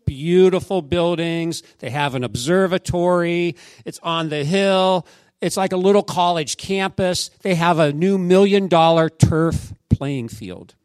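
A man preaching a sermon, telling stories and quoting scripture, dropping to a hush and then rising to shouts. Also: a little high, dry recording, clean studio sound. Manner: storytelling, swings from hushed to shouting. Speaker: pastor.

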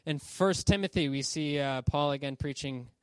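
A man's voice: fairly high pitch, moderate pace, smooth, no echo. A man giving an informal Bible teaching, conversational and checking in with his listeners as he explains. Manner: conversational, checks in with "okay?" and "right?".

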